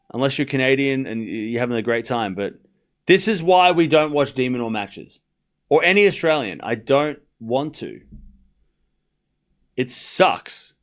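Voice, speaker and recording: A man hosting a live tennis watchalong stream, calling the score and chatting casually with his viewers in an excitable, teasing way. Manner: excitable, jumps up in pitch and volume, chats with viewers; teasing, laughs often.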